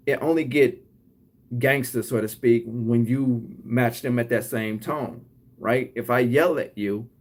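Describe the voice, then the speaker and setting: A man with a Detroit accent who runs a cleaning business, giving casual advice to viewers and often ending points with "right?". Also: medium pitch. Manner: acts out both sides of short scenes.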